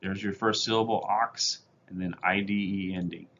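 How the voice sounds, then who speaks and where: A man with a somewhat low voice explains chemistry in a recorded lecture, going step by step in a plain, methodical way. The audio is dull and lo-fi, with a faint hiss of noise underneath. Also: steady tone, normal speed, a bit bright. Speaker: chemistry teacher. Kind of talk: recorded lecture over slides.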